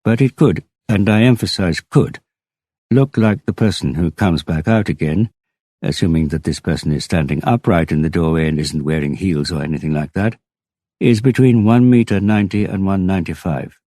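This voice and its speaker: A man's voice: low-pitched, moderate pace, warm tone, no room sound, voice pushed up. A man voicing a sleepy, careful male technical expert who hedges every claim. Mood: hedging. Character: groggy, fussy male image-analysis expert.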